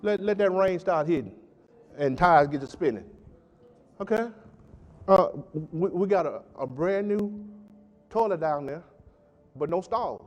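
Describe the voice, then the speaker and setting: A man pastor preaching a sermon with emphatic call-and-response delivery, swinging between loud and soft. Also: high-pitched, animated, measured pace, long pauses, highs cut off. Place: church sanctuary. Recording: church hall with long reverb.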